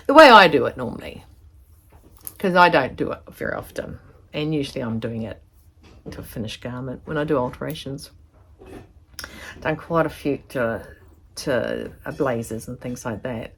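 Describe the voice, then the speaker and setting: A woman's voice: a bass voice, lively intonation, moderate pace, gravelly, a bit bright, slightly rough. A woman with a New Zealand accent giving a chatty, rambling sewing tutorial to a camera in her home studio. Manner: chatty, rambling, fond of asides. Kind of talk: casual tutorial chat to camera.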